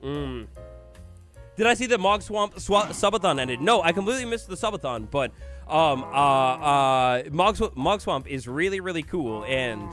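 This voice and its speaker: A male gaming streamer with a slightly high voice that swings up and down as he chats. He rambles casually and answers viewer comments aloud, with faint music playing behind him. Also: lively intonation, normal speed, a bit bright. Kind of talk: casual livestream chat.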